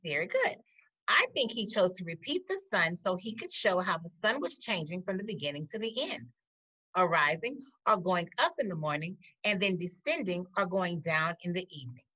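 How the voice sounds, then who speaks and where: Bright, lively woman teaching a poetry lesson. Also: fairly low pitch, husky. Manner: slow, deliberate, with pauses. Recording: dull lo-fi audio.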